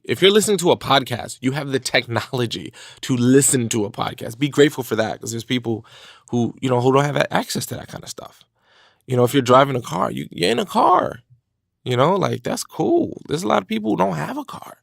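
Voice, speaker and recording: A man hosting a motivational podcast, talking in an energetic, casual way with slang. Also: medium pitch, creaky, no room sound, studio quality. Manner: energetic, animated, conversational with slang. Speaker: podcast host.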